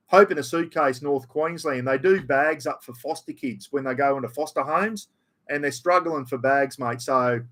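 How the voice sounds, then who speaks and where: A man's voice: on the high side, fairly bright tone. Aussie guy chatting on his stream at home, broad blokey talk, lots of mate and bloody. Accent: Australian. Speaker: livestream host reading chat. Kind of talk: casual livestream chat. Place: room at home with aircon.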